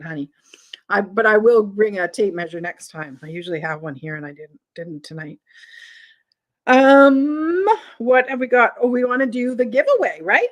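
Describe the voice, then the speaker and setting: A middle-aged woman hosting a live vintage sale, chatting with viewers and calling out prices and lot numbers. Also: fairly high pitch. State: has the hiccups.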